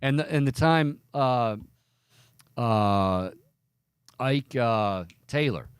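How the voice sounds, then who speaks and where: Speaking extremely slowly yet with animation, a man hosts a sports radio talk show in a clear, resonant, medium-pitched voice. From the radio studio he rambles opinionatedly and keeps cutting himself off mid-sentence; the sound is clean with no room noise.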